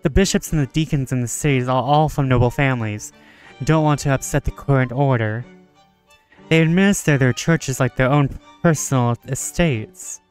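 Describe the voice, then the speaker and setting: A man reading out the lines of an earnest young male priest in a game, with a halting attempt at a French accent. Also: mid-range voice, clean tone, close to an everyday voice. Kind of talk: reading game dialogue aloud.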